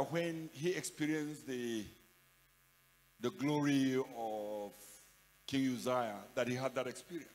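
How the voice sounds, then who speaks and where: An older man with a Nigerian accent delivers an emphatic sermon, often repeating his words and dropping from loud calls to quiet asides. His voice sits fairly high for a man. It rings out with a long reverb from a big hall. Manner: emphatic, repeats phrases, swings from loud to soft. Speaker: pastor. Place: large conference hall.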